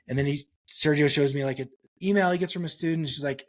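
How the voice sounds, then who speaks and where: A male psychologist answering interview questions on a podcast, telling stories and acting out quotes with sudden pitch jumps. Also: very fast. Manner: animated storytelling, acts out quotes with pitch jumps. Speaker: psychologist guest.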